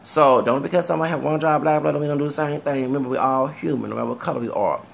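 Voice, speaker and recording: A man's voice: on the high side, rapid-fire, vocal fry, slight background noise. A man from Texas with a Southern accent, talking straight to the camera in a rambling commentary and often checking whether the viewer gets his point. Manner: rambling, keeps asking the viewer if they get his point. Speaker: vlogger. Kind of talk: casual commentary rant.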